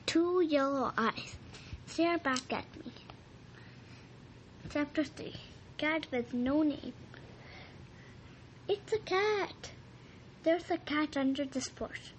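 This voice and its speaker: A woman reading a children's storybook aloud, halting now and then with slips and rereads. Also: high voice, a little hiss or hum. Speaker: reader.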